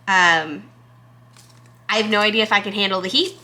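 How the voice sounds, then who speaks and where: Bright-voiced chatty woman from Texas. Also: mid-range voice, moderate pace. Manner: chatty, self-deprecating, excitable. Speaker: gardening vlogger. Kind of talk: casual chat to camera.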